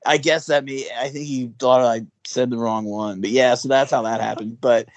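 A man tells fan stories in a loose, animated way, laughing often and swearing without a second thought. His voice sits in a middle register and is recorded dry and close, with no room sound. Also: mid-range voice, normal speed, no echo. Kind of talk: casual chat.

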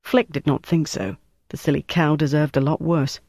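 A man reading a novel aloud as narrator, in a steady, even way. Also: on the high side, moderate pace, no room sound, studio quality. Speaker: audiobook narrator. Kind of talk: scripted narration.

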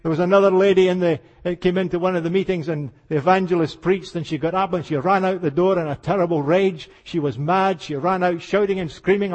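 An older man preaching a revival sermon, telling stories with passion and moving between hushed tones and exclamations. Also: sits high, fairly even intonation, brisk, hardly any pauses, highs cut off. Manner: impassioned storytelling, dropping to hushed tones then rising to exclamations. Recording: reverberant hall.

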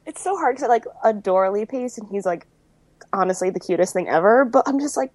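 Woman co-host, animated swooping intonation, dry close recording. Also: mid-range voice, a little fast, dry recording. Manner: expressive, exclamatory. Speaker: podcast co-host. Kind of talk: casual chat.

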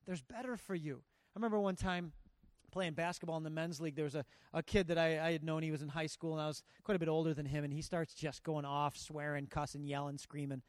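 A man's voice: high-pitched, dry recording. A middle-aged man preaching a sermon, earnest and emphatic, with a conversational, storytelling delivery. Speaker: pastor.

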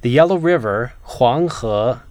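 A man narrating a language lesson from a script, with measured, clear enunciation and demonstrated intonations. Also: mid-range voice, lively intonation, darkish tone, dry recording.

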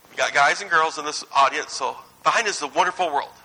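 A man in his thirties preaches in a relaxed, story-driven way, shifting between animated asides and quiet emphasis. His voice sits high for a man and rings very bright and forward. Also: brisk, poor audio. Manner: conversational, anecdotal, swings between lively and hushed. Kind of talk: sermon.

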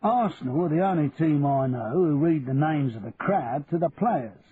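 A man's voice: on the high side, animated, normal speed, voice pushed up, close to an everyday voice. A man doing a shrewd old Cockney businessman. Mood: matey. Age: 60s. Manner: blunt, matey banter. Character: sixty-four-year-old Cockney businessman, shrewd and chummy. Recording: tinny lo-fi audio with faint hiss.

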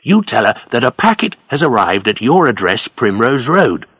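A man's voice: mid-range voice, sing-song, moderate pace, fairly bright tone, breathy edge, no echo, exaggerated voice. A man voicing a nervous, desperate middle-aged man in trouble, pleading and urgent in a storybook reading. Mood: eager, scheming. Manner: pleading, rising and shaking with panic.

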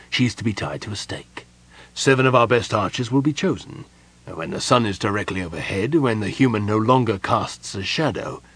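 A calm, unyielding elf general who speaks slowly and deliberately, pausing with small hesitations, as a man reads him in an audiobook. His voice drops well below the narrator's usual pitch and sounds husky. He stays quiet rather than loud. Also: heavily acted. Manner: measured, deliberate, with soft hesitations. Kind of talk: audiobook character reading.

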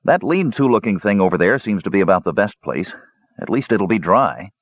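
A man's voice: on the low side, sing-song, brisk, no echo, phone-quality sound. A man doing a growling, hungover young warrior. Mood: gruff. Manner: growling, blunt, irritable.

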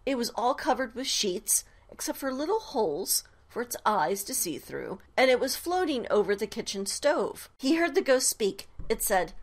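A woman reading a children's story aloud in an expressive, sing-song storytelling manner. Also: a little high, unhurried.

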